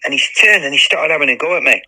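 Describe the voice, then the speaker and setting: A man in his fifties, a former footballer and interview guest, telling a story in lively chat, acting out quotes and swearing freely. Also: a little high, very fast, poor audio.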